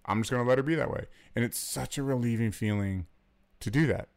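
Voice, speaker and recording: A man co-hosting a casual chat with his partner, talking in a relaxed way and acting out quoted lines. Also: medium pitch, fast, creaky.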